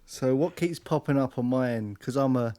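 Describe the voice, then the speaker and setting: A man's voice: mid-range voice, moderate pace, mellow. A man on a casual podcast, firing off short teasing quips and jokey jabs. He keeps the banter loose and laughs easily between lines. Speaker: podcast co-host. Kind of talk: casual chat.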